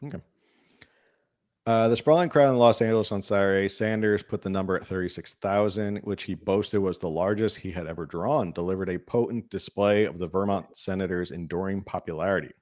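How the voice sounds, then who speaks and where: Low-voiced male political talk show host. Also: fairly quick, a little mellow, no echo, studio quality. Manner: conversational, reads articles with asides and filler hums. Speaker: podcast host. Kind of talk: casual political talk show, reading news aloud.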